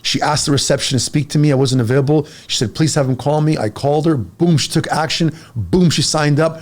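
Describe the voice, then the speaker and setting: On a casual podcast, a man in his forties who coaches fitness speaks with a voice on the high side. His talk comes in quick, emphatic bursts, animated and full of repeated words.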